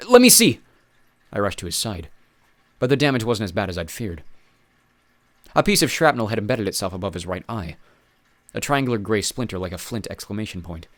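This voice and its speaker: A man's voice: fairly low pitch, animated, a little fast, fairly bright tone, no room sound. A man reading a first-person adventure story aloud with dry, wry asides. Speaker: audiobook reader.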